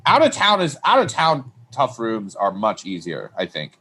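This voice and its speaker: A man's voice: fairly low pitch, wildly swooping pitch, normal speed, bright, forceful tone, husky. Man telling loose comedy-club stories. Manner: loose, anecdotal, swears freely. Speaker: stand-up comedian, guest. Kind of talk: casual storytelling chat.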